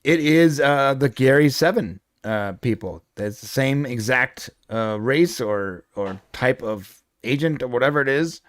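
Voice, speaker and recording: A man's voice: mid-range voice, animated, a little slow, few pauses, dry recording. A man co-hosting a pop culture show, chatting casually about a TV episode. He rambles and jokes, restarting his sentences as he goes. His voice is close to the mic, with almost no room sound. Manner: rambling, jokey, many restarts. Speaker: podcast co-host.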